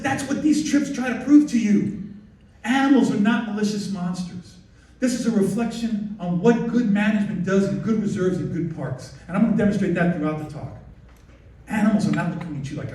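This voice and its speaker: A man giving a lively slide talk about wildlife photography, excitable and animated, often interrupting himself. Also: high-pitched, fairly quick. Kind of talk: lively presentation to an audience. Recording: distant echoey hall recording.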